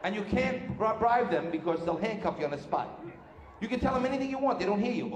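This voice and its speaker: A man's voice: high-pitched, lively intonation. Male stand-up comedian with a punchy delivery; roomy live hall with faint noise. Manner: brash, rapid-fire joke telling. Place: live stage in a large hall.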